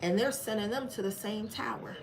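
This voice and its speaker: Woman host for a storytime stream, frank and emphatic, talks straight to the chat; mid pitch, slight background noise. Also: a little fast, vocal fry. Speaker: channel host. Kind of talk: storytime livestream.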